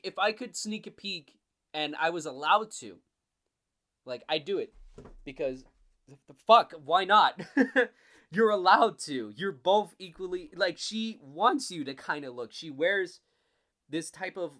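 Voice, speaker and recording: A man in his twenties giving a casual, animated book review, swearing often and acting out the characters' lines. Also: a little high. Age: 20s. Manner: animated, profane, frequent "like" fillers, acts out characters.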